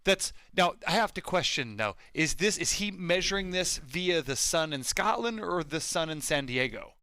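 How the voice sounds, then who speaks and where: A man's voice: a little high, expressive, normal speed, sharp tone, smooth, no echo. Man with wry, dry quips. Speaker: co-host. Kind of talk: casual banter during a live stream.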